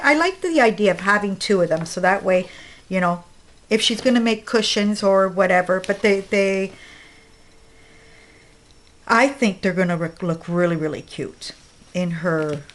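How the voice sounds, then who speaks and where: A woman's voice: mid-range voice, normal speed, fairly bright tone. A woman crafting vlogger showing her projects in a casual, rambling talk full of fillers and restarts, short of breath. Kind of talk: casual show-and-tell vlog.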